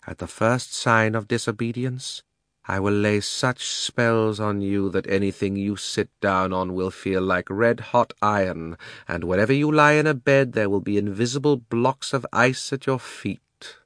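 A man voicing an imperious witch queen who speaks slowly and scornfully, giving cold commands in a storybook reading. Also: fairly low pitch, sing-song, a bit bright, no room sound, clean studio sound, heavily acted. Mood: commanding. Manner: commanding, scornful, slow and deliberate.

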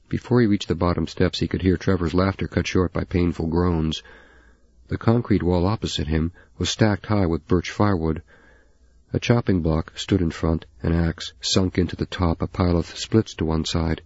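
A man narrating a novel in a steady, even reading. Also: low voice, normal speed, no echo, highs cut off. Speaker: audiobook narrator. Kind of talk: scripted narration.

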